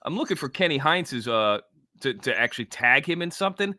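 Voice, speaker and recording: A middle-aged man who is a guest on a casual livestream chat, speaking haltingly with many stops and restarts. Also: mid-range voice, big pitch swings, sharp tone, slight background noise. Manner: halting, hesitant, lots of restarts. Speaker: guest, former wrestler.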